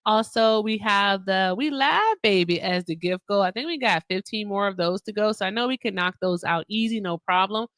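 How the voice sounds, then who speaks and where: A woman runs a live stream in a blunt, lively way, laughing often and hyping her viewers. Her voice sits mid-range for a woman. The sound is dry and close. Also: mid-range voice, moderate pace, few pauses, dry recording. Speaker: livestream host. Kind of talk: casual live-stream chat and debate.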